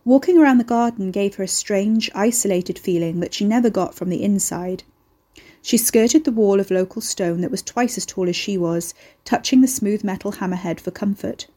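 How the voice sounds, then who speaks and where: A woman narrating a novel chapter as an audiobook, in a steady, measured way. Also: mid-range voice.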